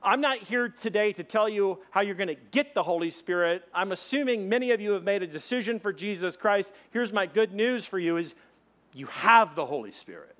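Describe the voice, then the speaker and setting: A man preaching a sermon, telling a funny story and acting out shouted voices. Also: high-pitched, animated, moderate pace. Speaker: pastor.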